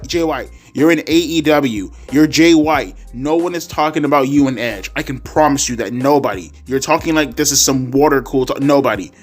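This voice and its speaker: A man's voice: medium pitch, moderate pace, few pauses, faint music behind. A man ranting sarcastically and profanely about a wrestling show in a casual vlog. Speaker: wrestling commentary vlogger. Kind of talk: profane rant.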